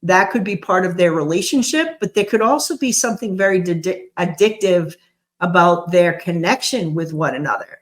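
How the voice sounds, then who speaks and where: A woman's voice: lowish voice, animated, moderate pace. A woman giving a tarot reading, musing aloud and stressing single words for drama. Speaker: tarot reader. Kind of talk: channeled tarot reading commentary.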